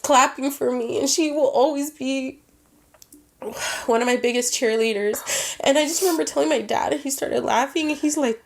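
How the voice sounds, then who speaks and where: A woman from a Mexican-American family co-hosts a podcast, earnestly sharing a personal story and slipping Spanish phrases into her sentences. Her voice sits high with a darkish tone, at a moderate pace.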